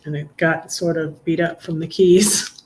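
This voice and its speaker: A middle-aged woman hosting a live stream, chatting casually and reading her own poems in a halting, heartfelt way with many ums and restarts. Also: low voice, steady tone. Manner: halting, full of ums and restarts, soft laughs; heartfelt, gets emotional while reading. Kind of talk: casual livestream chat and poetry reading.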